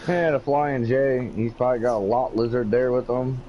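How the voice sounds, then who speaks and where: A man's voice: mid-range voice, fairly even intonation, moderate pace, dark tone, lo-fi sound, slight background noise. A man co-commentating an online race in a loose, rambling way with crude jokes. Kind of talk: casual sim-racing commentary.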